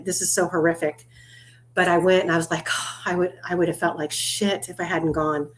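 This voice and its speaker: A woman's voice: fairly low pitch, flat delivery, a little fast. Woman, livestream host, casual chat, chatty, laughs easily, salty language.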